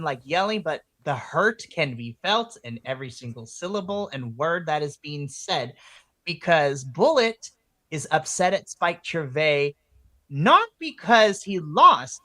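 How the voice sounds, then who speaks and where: A woman co-hosting a podcast, recapping wrestling in casual, excitable chat that swings into loud, animated retellings. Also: on the low side, dry recording. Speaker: podcast co-host.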